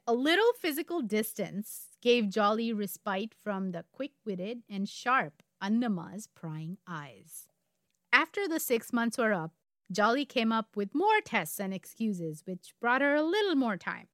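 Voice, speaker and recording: A woman's voice: on the high side, sing-song, unhurried, dry recording, clean studio sound. Woman telling a true crime case. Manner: conversational, wry asides. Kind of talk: casual true crime storytelling.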